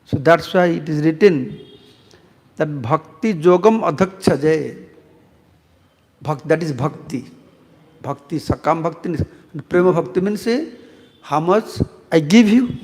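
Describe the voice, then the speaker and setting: A man's voice: sits high, big-room sound. A man, a monk, teaching a scripture class who tells stories, asks the audience questions and chants verses. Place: temple hall.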